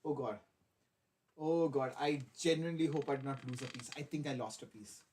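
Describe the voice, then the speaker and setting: A man's voice: mid-range voice, fairly quick, a little mellow, a little hiss or hum. A young man, chatting on a casual live stream while building a model kit, hyper, giggly, swearing and rambling. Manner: hyper, giggly and profane, rambling self-mockery.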